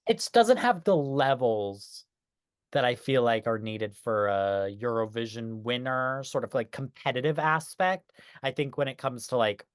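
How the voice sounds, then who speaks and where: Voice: mid-range voice, measured pace, smooth, dry recording, studio quality. A podcast co-host in casual chat, talking enthusiastically and swearing casually.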